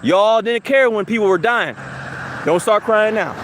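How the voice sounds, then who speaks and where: Walking down a city street and talking into his phone on a livestream, a man rants angrily, heated, profane and repetitive. His voice is high and a bit bright, his pace a little slow, with slight background noise.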